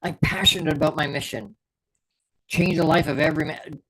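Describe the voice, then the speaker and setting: A man's voice: on the high side, steady tone, a little fast, background noise. A middle-aged man hosting a podcast, giving a fervent motivational talk as a performance coach and repeating key words for emphasis.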